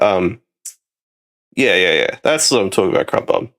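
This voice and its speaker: A man's voice: lowish voice, animated, moderate pace, fairly bright tone. A man with an Australian accent, hosting a loose, rambling casual chat stream and swearing now and then. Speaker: streamer host.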